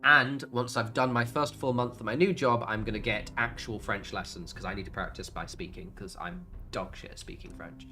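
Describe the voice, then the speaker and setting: A man's voice: mid-range voice, fairly even intonation, normal speed, hardly any pauses, pushed and bright, faint music behind. A British man chatting casually while livestreaming a game, rambling between topics, laughing often and swearing now and then. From Britain. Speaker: gaming livestreamer. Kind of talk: casual chat while playing.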